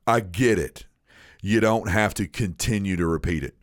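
A man's voice: deep voice, normal speed, no echo, clean studio sound. A man telling a long personal story in casual chat, rambling and repeating himself as he acts out what was said.

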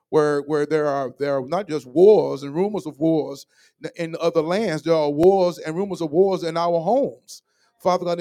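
A middle-aged male pastor preaching and praying in a church service. His voice sits high and has a gravelly edge, and he calls out to the congregation with mounting fervor. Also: a little mellow. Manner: call-and-response preaching, rising fervor. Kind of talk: sermon and prayer. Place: church sanctuary.

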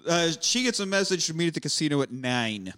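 A man's voice: on the high side, big pitch swings, a little fast, a bit bright. A man hosting a movie podcast, joking and swearing as he recaps the plot. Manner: joking, profane, drives the recap. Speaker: podcast host reviewing a movie. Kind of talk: casual chat.

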